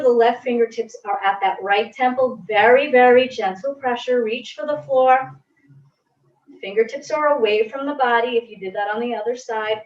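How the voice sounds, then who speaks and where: A woman fitness instructor calmly guiding a stretching class with gentle, reassuring cues. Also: fairly high pitch. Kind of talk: guided exercise instruction. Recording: roomy, distant, dull audio.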